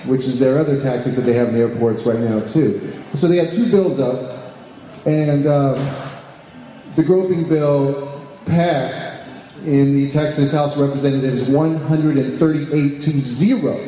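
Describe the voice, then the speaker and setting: Unhurried and mellow, a man with a mid-range voice gives a live speech as deputy director of an advocacy group in a large, echoey room with an audience. He stumbles through many fillers and restarts, often questioning the room, while hall reverb and faint background noise fill the recording.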